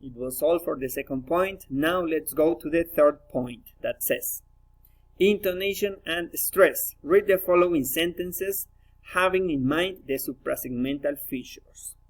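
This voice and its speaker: A man reading word pairs and practice sentences aloud for a pronunciation exercise, carefully and deliberately. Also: on the high side, low-quality recording. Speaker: language student.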